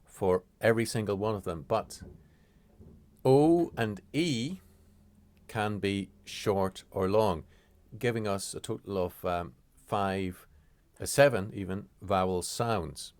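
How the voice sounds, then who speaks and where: A man teaching pronunciation in a deliberate, measured way, often pausing to correct himself. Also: on the low side, a little mellow, dry recording. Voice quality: halting, with frequent fillers and self-corrections. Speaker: language teacher. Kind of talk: explaining pronunciation rules.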